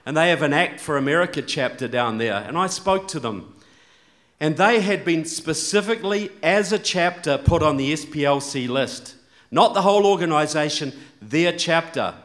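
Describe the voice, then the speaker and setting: A man addressing a conference audience in a fairly high voice. He complains in a mock-wounded, sarcastic deadpan, building his grievance for comic effect. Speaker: conference speaker. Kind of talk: public speech at a conference.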